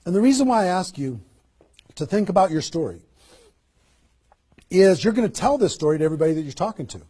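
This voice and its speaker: A man with a fairly high, slightly husky voice coaches his listeners through a motivational seminar talk. He is energetic and keeps firing rhetorical questions, like a trainer pushing people into action. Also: fast. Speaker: network marketing trainer.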